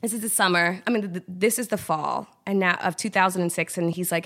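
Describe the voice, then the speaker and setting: A fast-talking woman from Trinidad with a fairly low voice barely pauses as she shares her story in a casual interview. She narrates with animation, voicing the people she quotes.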